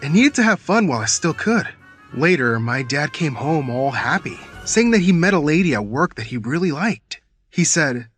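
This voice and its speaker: Lively, high-voiced male storyteller. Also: moderate pace, no echo, faint music behind. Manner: dramatic, bursts into shouted quotes. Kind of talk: scripted storytime narration.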